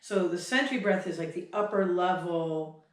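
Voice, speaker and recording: A lowish-voiced woman speaking at normal speed runs a horse workshop on breathing signals, chatting away and breaking off for sighs and huffs as demonstrations. The sound is distant and echoey, as if recorded in a hall from far off.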